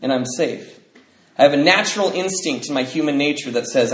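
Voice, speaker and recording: A man tells his life story in a personal testimony, candid and rambling, with fillers and nervous laughs. His voice sits a little high for a man. The recording is roomy and echoey. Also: animated, a little fast, a bit bright. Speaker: speaker sharing a personal testimony.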